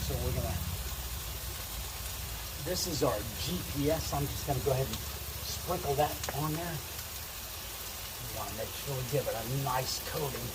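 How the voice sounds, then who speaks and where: A man vlogging while cooking at an outdoor camp, chatty and quick to laugh, sometimes dropping to a hushed voice. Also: mid-range voice. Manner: chatty, laughs often, talks quietly at times. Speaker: camping vlogger. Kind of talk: casual cooking narration. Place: outdoors under a covered bridge. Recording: noisy outdoor camp recording.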